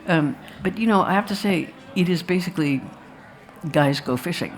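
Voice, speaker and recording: A woman's voice: lowish voice, moderate pace, soft background music. Rambling woman telling stories to an audience. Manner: rambling, anecdotal, with restarts and asides. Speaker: filmmaker talking about her film. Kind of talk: live post-screening talk to an audience. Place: festival talk before an audience.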